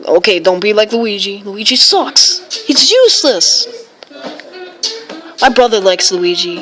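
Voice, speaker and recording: A woman's voice: medium pitch, very animated, a little slow, pauses often, music in the background. A woman live-streaming, rambling and exclaiming often while reading viewer comments. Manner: rambling, filler-heavy. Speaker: livestream weather vlogger.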